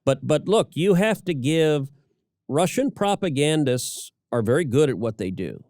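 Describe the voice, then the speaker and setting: A man's voice: on the high side, expressive, unhurried, a little mellow, dry recording, studio quality. A middle-aged man delivering political commentary as a podcast co-host, emphatic and given to repeating words as he starts sentences.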